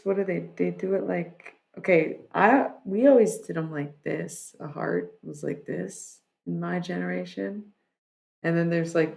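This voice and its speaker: Slow, gravelly-voiced woman streamer. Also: lowish voice, darkish tone. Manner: rambling and laid-back, many fillers and restarts. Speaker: livestreamer. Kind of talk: casual chat with viewers.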